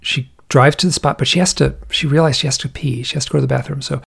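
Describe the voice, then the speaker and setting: A man tells a story in a casual, rambling, animated way, full of vivid detail. His voice is gravelly with a husky edge, and he often stops to restart his sentences. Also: medium pitch, fast.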